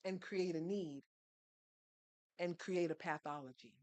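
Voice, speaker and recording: A woman's voice: on the low side, measured pace, darkish tone, no echo. Lady guest on a podcast, earnest teacher vibe, asks the room questions, dry mic. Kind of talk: storytelling conversation.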